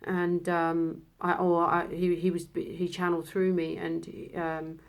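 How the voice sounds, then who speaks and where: A woman in her thirties telling a personal story, halting and emotional, with many restarts. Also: on the low side, monotone. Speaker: vlogger.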